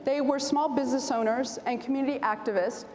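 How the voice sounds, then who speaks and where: Woman, 40s, keynote speaker, animated storytelling, high voice, roomy hall reverb, faint ambience. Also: brisk, slight background noise. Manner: animated, acts out voices in anecdotes. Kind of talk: storytelling convention speech. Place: large convention hall.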